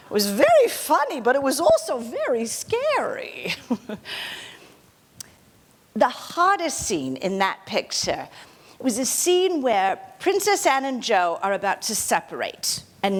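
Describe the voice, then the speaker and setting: A gracious aging film actress, played by a woman on stage, telling her memories softly and modestly with a bright, higher voice that swoops lively up and down. She takes her time, unhurried and gentle. The voice rings out with the long reverb of a hall. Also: full character voice. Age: 60s. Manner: soft, gracious storytelling with frequent light laughter. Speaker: actor in a one-woman portrayal. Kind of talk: theatrical monologue.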